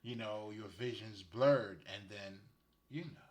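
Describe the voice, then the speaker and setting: This man from Haiti, a spiritual guide, talks slowly in a lowish voice, offering relaxed guidance. He rambles and laughs a lot, and the recording carries a roomy echo.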